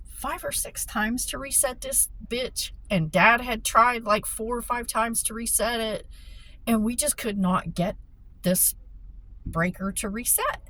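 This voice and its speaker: A woman casually telling a story, animated and excitable, with frequent swearing. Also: on the high side, rough recording. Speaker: vlogger.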